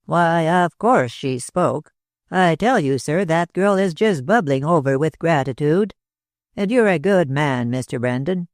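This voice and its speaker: A man voicing a talkative older man with an American accent, speaking slowly and dryly in a drawl. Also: on the high side, animated, no room sound. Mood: effusive. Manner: drawling, slow and dry.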